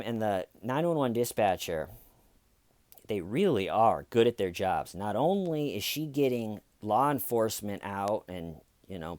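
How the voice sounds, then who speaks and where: Sarcastic guy riffing on true crime, smooth clear voice, dry close mic. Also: medium pitch, no room sound. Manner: sarcastic, acts out quotes in mocking voices. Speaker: true crime commentary host. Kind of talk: comedic true crime commentary.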